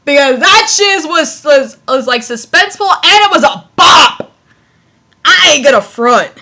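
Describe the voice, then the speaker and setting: A woman's voice: high-pitched, lively intonation, a little slow, sharp tone. A young woman reading fanfiction aloud in a casual, rambling way, with lots of fillers and giggles between lines. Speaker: fanfiction reader.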